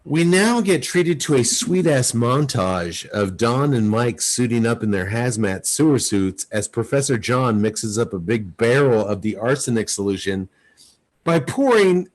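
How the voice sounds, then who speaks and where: Animated Texan man riffing on a movie. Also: medium pitch. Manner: animated, acts out movie lines in quick voices. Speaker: podcast co-host. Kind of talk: casual movie-riffing chat. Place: home, recording remotely.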